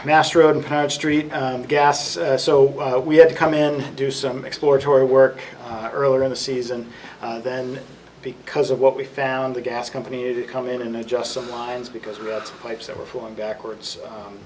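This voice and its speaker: A man updating a town board on road and drainage projects in an informal way, with many fillers. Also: medium pitch. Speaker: public works official. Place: meeting room. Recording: distant mic, noisy room.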